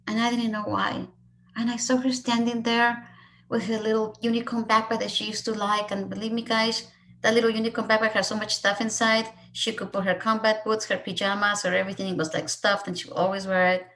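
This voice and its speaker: A woman's voice: fairly high pitch, fairly even intonation, a little fast, fairly bright tone, slight background noise. Emotional woman sharing a personal loss. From Mexico. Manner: earnest, emotional, voice rising and falling with feeling. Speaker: speaker sharing her story.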